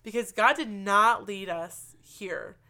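A woman's voice: mid-range voice, slow pace. A woman in her thirties, earnestly telling a personal story in casual chat, saying "like" often. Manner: earnest, animated storytelling with frequent "like".

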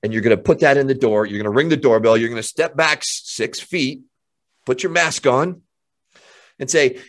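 A man coaching real estate agents in an energetic motivational talk, emphatic and often repeating himself. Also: mid-range voice, normal speed.

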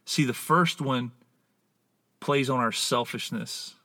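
Slow, bright-voiced male preacher. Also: medium pitch. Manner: deliberate, emphatic, drawn-out words for stress. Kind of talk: spoken sermon teaching.

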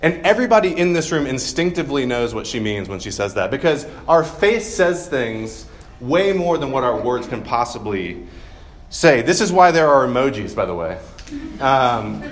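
A man in his thirties delivering a sermon in a loose, chatty way, cracking self-deprecating jokes and filling gaps with ums. His voice sits at an ordinary middle pitch. Faint noise hangs behind him. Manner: conversational, self-deprecating humor with frequent fillers. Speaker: pastor.

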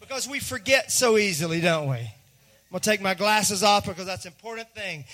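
A man pastor, preaching a sermon in an animated way, dropping to a hush and then rising to a shout. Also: high voice, fairly quick, faint music behind. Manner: animated, swings from hushed to shouting, acts out voices.

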